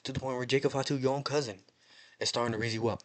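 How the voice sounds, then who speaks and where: Talking very fast in a mid-range voice with fairly even intonation, a young American man recaps a wrestling show in casual chat. He jokes, rambles and plays things up with mock drama.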